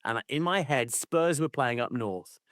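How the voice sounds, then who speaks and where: A man co-hosts a football chat show, wandering from story to story and teasing his friend. His voice sits at an everyday middle pitch. It is recorded close and dry, with almost no room sound. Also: lively intonation, unhurried, fairly bright tone, dry recording. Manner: rambling, teasing. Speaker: podcast co-host. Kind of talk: casual chat.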